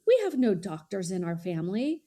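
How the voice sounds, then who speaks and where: A middle-aged woman, a college strategist guest, telling a lively story in a podcast interview and acting out the dialogue. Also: fairly low pitch, brisk. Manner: animated, acts out dialogue in quoted voices.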